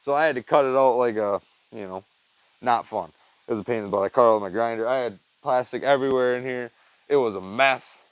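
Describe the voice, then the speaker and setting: A man's voice: medium pitch, brisk, clear, resonant tone, no echo, rough recording. A young man vlogging casually while he works on a chicken feeder, rambling and saying "dude" and "man" a lot, on a wearable mic. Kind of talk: casual chat while working. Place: backyard with chicken coop and tool bench.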